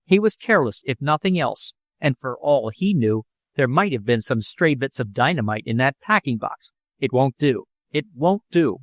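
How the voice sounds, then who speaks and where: A man voicing an excitable middle-aged father who blusters and scolds in an audiobook. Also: medium pitch, moderate pace, few pauses, no echo, studio quality, close to an everyday voice. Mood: scolding.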